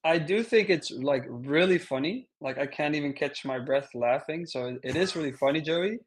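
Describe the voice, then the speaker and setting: A man's voice: on the high side, normal speed, a little hiss or hum. A man co-hosting a livestream, teasing his co-host and laughing often. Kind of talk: casual livestream banter.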